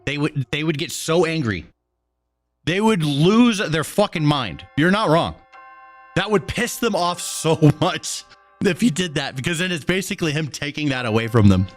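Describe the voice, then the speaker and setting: Casual male streamer, relaxed chatter with chat, slightly higher voice, faint music underneath. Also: moderate pace. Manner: laid-back, chuckling, talks to chat.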